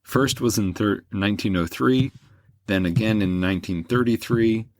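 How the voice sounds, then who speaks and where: Male podcast host, deep voice, dry booth sound, loose rambling explainer. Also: moderate pace, a little mellow, dry recording. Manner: rambling, many fillers and restarts. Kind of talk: casual history podcast chat.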